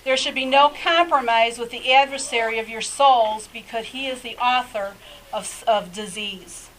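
A woman delivers a sermon in a loose, chatty manner, speaking directly to her congregation and circling back over her words. Her voice sits a little high, with a faint hiss of noise behind it. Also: moderate pace, fairly bright tone, low-quality recording. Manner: conversational, repeats words and restarts, direct address to listeners. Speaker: preacher.

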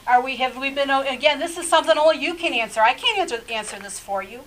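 A woman delivers a sermon in a loose, chatty manner, speaking directly to her congregation and circling back over her words. Her voice sits a little high, with a faint hiss of noise behind it. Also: quick pace, fairly bright tone, low-quality recording. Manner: conversational, repeats words and restarts, direct address to listeners. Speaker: preacher.

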